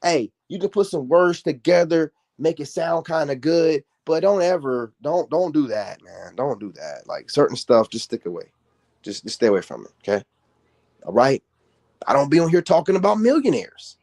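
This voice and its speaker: A man's voice: a little high, sing-song, moderate pace, a little mellow. Scolding man ranting on a livestream. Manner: confrontational, scolding, slangy. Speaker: social media commentator.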